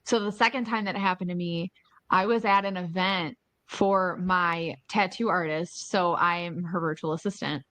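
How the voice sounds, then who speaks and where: A woman hosting a podcast, chatting casually and telling animated stories with plenty of swearing. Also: fairly low pitch, normal speed, no echo. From New York or Michigan. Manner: animated storyteller who swears freely and acts out quotes. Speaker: podcast host. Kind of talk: casual chat.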